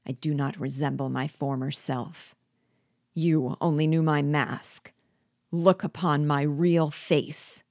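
A woman's voice: sits low, fairly even intonation, darkish tone, no echo, studio quality. A woman reading as Habibra, a vengeful gloating dwarf. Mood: bitter. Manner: bitter, gloating, slow deliberate speech. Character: vengeful scheming male dwarf, former court jester.

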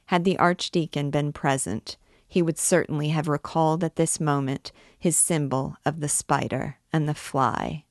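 Slow, low-voiced woman reading aloud. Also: dry recording, clean studio sound. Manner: slow, deliberate narration. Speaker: book reader and guide. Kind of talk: audiobook reading.

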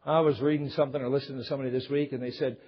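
Male pastor, sermon, husky and animated storyteller who acts out quoted voices; dull recording with long hall reverb. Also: medium pitch, very fast. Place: church sanctuary.

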